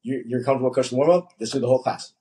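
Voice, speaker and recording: A young man, a coach, chatting casually on a podcast, telling animated stories and acting out what people said. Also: mid-range voice, racing, breathy edge, rough recording. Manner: animated storytelling, acts out quotes.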